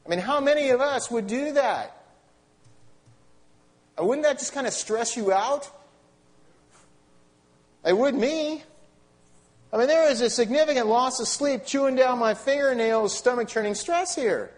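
A middle-aged male pastor preaching a sermon in a conversational, animated way, asking the congregation rhetorical questions and adding wry asides. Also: very high-pitched, a little slow, pauses often.

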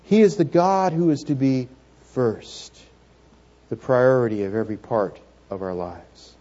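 A male pastor preaching a sermon, asking the congregation questions and leading call-and-response, swinging between hushed and loud moments. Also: mid-range voice, unhurried. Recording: dull lo-fi church recording.

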